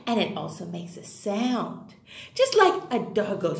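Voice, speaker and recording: A woman's voice: medium pitch, sing-song, a little slow, echoey room. A woman teaching a phonics class to young children, talking in an exaggerated, enthusiastic sing-song and leading chants. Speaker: kindergarten teacher.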